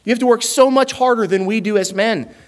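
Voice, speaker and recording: A young male pastor preaching a sermon in an earnest, emphatic way. His voice sits a little higher than most men's, and he leans into rhetorical questions and pointed rising stresses. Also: a little fast.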